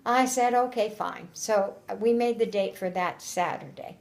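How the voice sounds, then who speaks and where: A woman's voice: medium pitch, normal speed, vocal fry. Older woman, oral history interviewee, rambling storyteller, laughs often. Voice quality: laughs often while telling stories. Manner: chatty, rambling with restarts and quoted dialogue.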